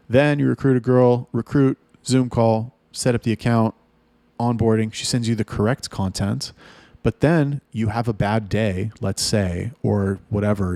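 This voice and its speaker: A man giving blunt, heavily profane advice in a ranting monologue. His pitch jumps up to hit his points. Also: no room sound. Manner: lively, rising in pitch for emphasis. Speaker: OnlyFans agency owner giving advice.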